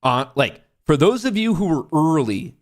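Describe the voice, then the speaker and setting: A young man hosting a casual livestream about day trading, swearing often and breaking into loud, jokey bragging. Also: fairly high pitch, moderate pace. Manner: excitable, profane, jokey bragging. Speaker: livestream host, day trader.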